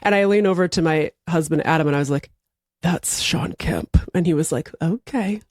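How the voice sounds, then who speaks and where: A woman in her forties co-hosting a podcast, telling a comic story in a lively way and laughing often. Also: low-pitched, fast talker, dry recording, studio quality. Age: 40s. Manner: animated, laughs through her own stories. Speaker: podcast co-host. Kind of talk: casual chat, comic storytelling.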